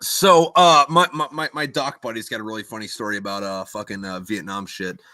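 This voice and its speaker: A man's voice: fairly low pitch, fairly quick, pushed and bright, dry recording. A man hosting a podcast, telling a rambling, profane war story in casual chat and acting out quoted voices. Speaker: podcast host.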